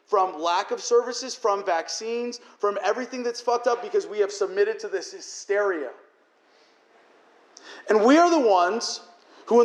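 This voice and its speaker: A man giving an emotional, profane political speech to a crowd, his voice cracking toward tears as he rants. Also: high voice. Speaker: political speaker. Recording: echoey hall.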